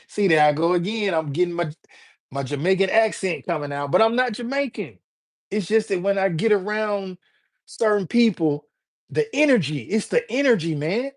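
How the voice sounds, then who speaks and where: Laid-back man, higher voice. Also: animated, normal speed, darkish tone. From Alabama, USA. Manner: laid-back and slangy, greeting viewers by name. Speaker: livestream host. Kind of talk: casual livestream chat.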